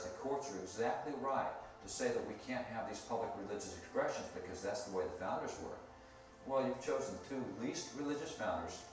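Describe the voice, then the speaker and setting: A man talking about history on a discussion show, emphatic and pushing his points with rhetorical questions. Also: mid-range voice. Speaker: speaker on history and faith. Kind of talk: talk show discussion with read-out passages. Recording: echoey, distant from the mic.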